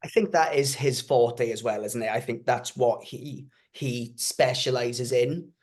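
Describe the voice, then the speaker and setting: Podcast guest guy, asks questions, easygoing, middle pitch. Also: a little slow, darkish tone. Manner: questioning, conversational. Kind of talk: casual chat.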